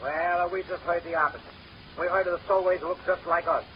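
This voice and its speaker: An actor playing a hungry, scheming Italian sidekick with an Italian accent and broken grammar, in 1930s radio comedy. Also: male voice, high-pitched, fairly even intonation, fast talker, lo-fi sound, lightly acted. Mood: cheeky. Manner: broken grammar, cheeky wordplay. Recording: scratchy 1930s radio recording.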